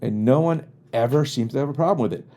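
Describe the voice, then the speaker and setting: Mellow-voiced man ranting wryly. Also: medium pitch, fast. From US East Coast. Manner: rambling, wry and exasperated storytelling. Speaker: podcast host. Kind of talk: casual comedic monologue. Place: home studio in Los Angeles.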